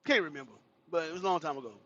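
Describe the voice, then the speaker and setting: A man's voice: a little high, racing, no room sound, dull audio. A man hosting a livestream, casually telling a funny childhood story to his chat with laughter and cursing. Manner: animated, laughing, profane storyteller. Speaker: livestream host.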